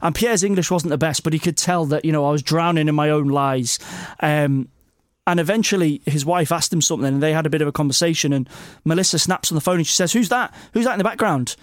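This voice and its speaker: A man telling a story as a podcast guest, animated, with many repeats and restarts. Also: a little high, fast, no echo, studio quality.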